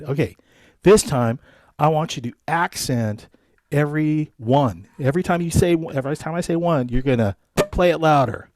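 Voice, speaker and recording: A man's voice: fairly high pitch, moderate pace, a little mellow, no echo, studio quality. A man leading a live guitar lesson, counting beats aloud and coaching his students in a friendly way. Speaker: guitar instructor.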